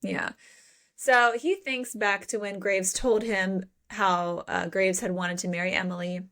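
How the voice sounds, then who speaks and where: A woman's voice: mid-range voice, fairly even intonation, a little slow, a bit bright. A woman co-hosting a podcast, recapping a book in casual chat with playful swearing and mock quotes. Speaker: podcast co-host.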